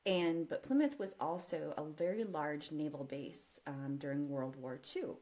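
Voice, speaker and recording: A woman guest telling an animated personal story in casual conversation, often breaking into laughter. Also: deep voice, unhurried. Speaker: podcast guest.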